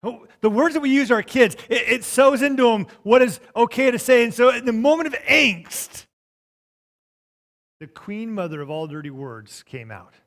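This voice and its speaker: A man preaching a sermon, emphatic and repetitive, dropping to a softer tone for quoted scripture. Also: very high voice, animated, normal speed. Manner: emphatic, repeats phrases, drops to soft tones for quotes. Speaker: pastor.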